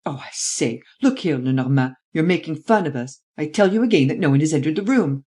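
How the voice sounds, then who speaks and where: A reader doing a blustering male statesman in an audiobook, clipped and exclamatory, pushing hard for fast action. His voice sits at an ordinary middle pitch. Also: animated, darkish tone, slightly rough. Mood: urgent. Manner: brisk, exclamatory, pushes for quick results. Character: impatient male head of government, blustering.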